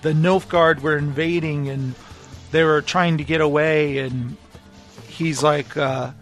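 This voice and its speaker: A man co-hosting a podcast, casually recapping a book and acting out the lines in quick voices. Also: on the high side, faint music behind. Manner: animated retelling with quoted voices. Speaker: podcast co-host.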